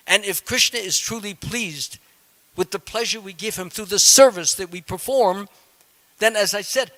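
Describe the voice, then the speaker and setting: Bright-voiced man teaching a scripture class. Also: high-pitched. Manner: conversational, explains step by step and quizzes the audience. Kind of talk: devotional scripture lecture. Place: temple hall.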